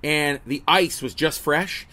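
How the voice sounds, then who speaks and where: Rambling joking dad comic, bright voice. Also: male voice, on the high side, takes it slowly, no echo. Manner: rambling, joking, lots of restarts and asides. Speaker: comedian hosting a daily livestream. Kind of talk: casual chat to viewers. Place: outdoors at a table beside a house. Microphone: phone on camera.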